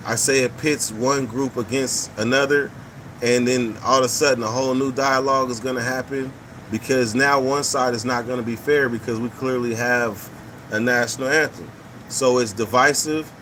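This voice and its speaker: A man's voice: medium pitch, a bit bright, a little hiss or hum, rough recording. A man hosting a casual live talk stream, reading viewer comments and giving blunt, profane opinions, often repeating his points.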